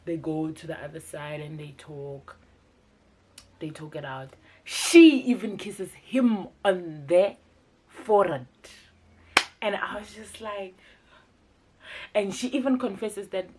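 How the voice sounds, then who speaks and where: A woman's voice: on the low side, lively intonation, slow, pauses often, noisy background. A South African woman hosting a casual, chatty TV recap vlog, mixing local words into her commentary. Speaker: TV review vlogger.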